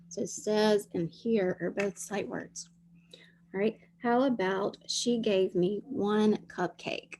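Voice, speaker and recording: A woman's voice: medium pitch, steady tone, slow pace, darkish tone. A woman teacher leading young children through a dictation lesson, sounding out words and spelling them letter by letter.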